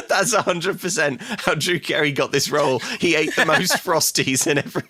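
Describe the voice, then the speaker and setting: A man's voice: a little high, normal speed, husky, no echo. Wry man recapping a film. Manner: animated, wry storytelling. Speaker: podcast co-host.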